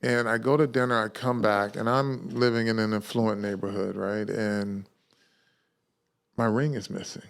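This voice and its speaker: A man who is a former pro football player, guesting on a podcast and telling a story in a relaxed, halting way. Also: fairly low pitch, creaky. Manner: relaxed storyteller with frequent restarts. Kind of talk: casual conversation.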